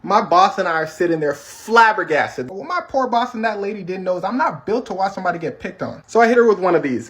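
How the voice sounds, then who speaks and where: Animated storytelling man, very lively pitch. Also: quick pace, hardly any pauses. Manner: dramatic, lively retelling with acted quotes. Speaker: behavioral psychologist.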